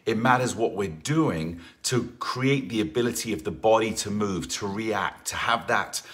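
A male fitness instructor talks through a live online class in a chatty, encouraging way. He has a fairly low voice with a bright, forceful edge. He drifts into asides and greets viewers one by one. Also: measured pace.

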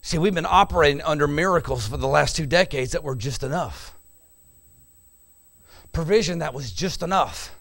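A pastor delivering a sermon, moving from quiet storytelling to loud, emphatic preaching. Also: male voice, a little high, animated, moderate pace, gravelly, long pauses.

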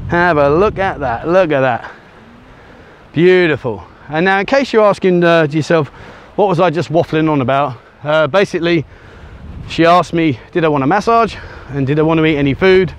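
On a sunny beach, a travel vlogger speaks to a handheld camera he flips around, his voice on the high side with lively intonation and a moderate pace. He's a little breathless from walking on sand and rambles casually, dropping ums and uhs.

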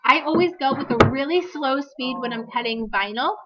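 Woman, high voice, chatty demo host, slightly worn voice, dull lo-fi sound. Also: moderate pace. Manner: chatty, self-correcting, upbeat instructional. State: slightly losing her voice. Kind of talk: live product demonstration.

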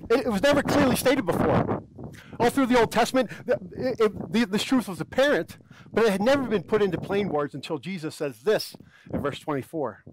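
A man's voice: high-pitched, lively intonation, brisk, background noise. A male pastor preaching a sermon in an earnest way, often repeating words as he goes.

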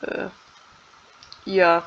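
A woman talks casually into her laptop at home for a vlog, rambling, hesitant, and self-deprecating. Her fairly bright voice comes very slowly, and the audio sounds dull.

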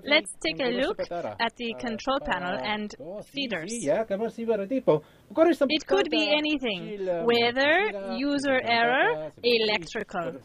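Pompous cable tech, played by a woman, slow and a bit high, crowd noise behind. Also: big pitch swings, full character voice. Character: solemn self-important female cable technician.

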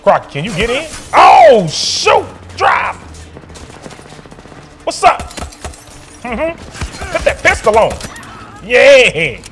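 A man giving excited, slangy commentary while he plays a video game and talks back to it. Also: extremely high pitch, takes it slowly, pauses often, soft background music. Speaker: gaming streamer.

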